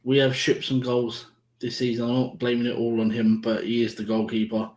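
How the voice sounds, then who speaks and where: A man's voice: medium pitch, completely flat delivery, a little fast, a little mellow. Easygoing man in an echoey room. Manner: easygoing, laughs between points. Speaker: panelist on a fan show. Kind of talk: casual live-stream chat.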